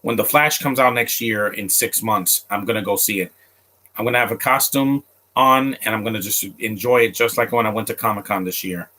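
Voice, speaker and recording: A man chatting casually to his live viewers as he reacts to a film. He rambles, trips over his words and restarts sentences often. His voice sits a little low but sounds bright and forceful. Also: fairly quick. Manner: chats directly to viewers.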